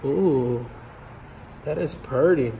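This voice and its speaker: A man's voice: mid-range voice, very slow, creaky, very noisy. A man hosting a casual vlog as he goes through storage unit finds, talking in a joking, teasing way. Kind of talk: casual chat.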